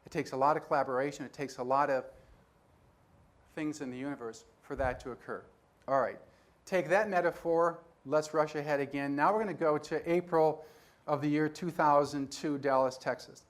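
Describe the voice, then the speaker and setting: A man in his sixties giving a conference talk, telling stories and acting out dialogue with animated energy. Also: a little high, normal speed. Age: 60s. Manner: animated storyteller who acts out dialogue. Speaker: conference speaker. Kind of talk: storytelling keynote talk.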